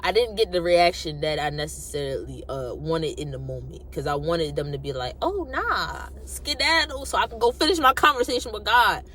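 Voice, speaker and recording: A young adult woman casually telling a personal story, animated and colloquial, acting out what people said. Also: low-pitched, brisk, hardly any pauses, slight background noise. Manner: animated, acts out quotes, colloquial. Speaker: vlogger.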